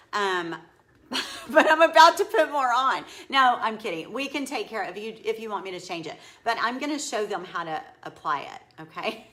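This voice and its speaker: Bright-voiced chatty woman. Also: medium pitch. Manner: rambling, chatty, reads viewer comments aloud. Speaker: furniture painter hosting a live stream. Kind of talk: casual live-stream chat while demonstrating a craft.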